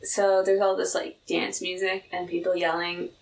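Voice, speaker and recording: A woman's voice: lowish voice, monotone, moderate pace, recorded from a distance, a little hiss or hum, rough recording. A woman co-hosting a casual podcast, recapping a TV episode in a chatty way and laughing often. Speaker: podcast co-host.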